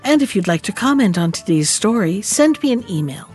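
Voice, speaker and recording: A woman host reading a fairy tale aloud in a calm, measured storybook manner. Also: mid-range voice, soft background music.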